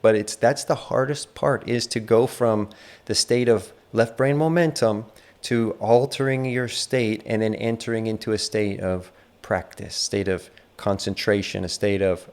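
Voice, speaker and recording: A man teaching the internal arts in a casual spoken lecture, relaxed and rambling, with many fillers as he tells a story. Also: fairly low pitch.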